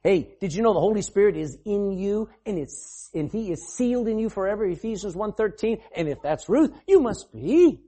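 A man preaching a sermon in an animated, conversational way, with asides to the congregation. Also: sits high, moderate pace, hardly any pauses.

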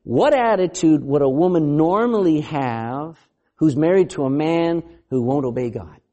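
A male pastor preaching a sermon in a high, mellow voice that swings widely in pitch. He quizzes the congregation, laughs often and acts out the voices he quotes. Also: measured pace, lo-fi sound. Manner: animated, asks the congregation questions.

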